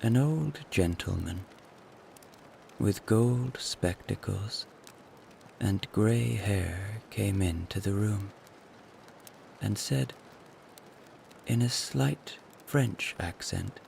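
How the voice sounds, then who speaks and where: Very slow, gravelly male storyteller. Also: lowish voice, expressive, darkish tone, slight background noise. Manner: slow, soothing. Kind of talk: calm bedtime story narration.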